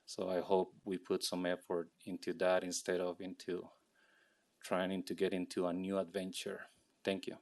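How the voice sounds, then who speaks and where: A man ending a public comment at a council meeting in an earnest, measured way. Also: low-pitched, monotone, a little mellow, distant mic. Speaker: resident giving public comment.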